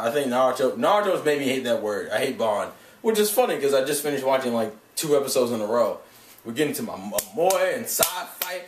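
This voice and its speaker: A man giving a casual vlog review of an anime episode, rambling and swearing, often laughing at his own points. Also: a little high. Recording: echoey room, mic at a distance.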